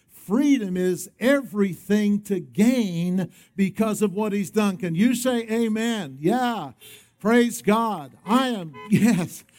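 A man's voice: high voice, a little mellow. A male pastor preaching a sermon, emphatic, often calling on the congregation to respond.

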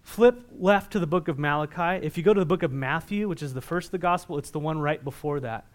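Speaking fast in a voice on the high side, a pastor preaches a sermon, posing questions to the congregation. When he reads scripture, he becomes loud and emphatic.

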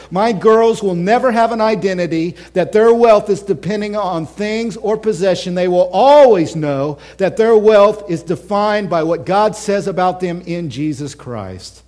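A man preaching a sermon as a pastor, animated, swinging between loud mocking impressions and quiet earnest asides. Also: sits high, measured pace, few pauses.

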